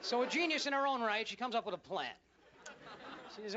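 Male stand-up, very high and frantic, lo-fi club tape, big crowd laughter and noise. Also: fairly quick. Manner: ranting, incredulous, loud and animated. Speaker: stand-up comedian. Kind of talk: stand-up comedy routine. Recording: lo-fi live club recording with loud crowd. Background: audience laughter.

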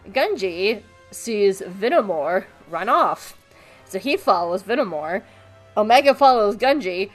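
Playful woman recapping an episode. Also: medium pitch. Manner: playful, laughs, does character voices. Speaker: podcast co-host.

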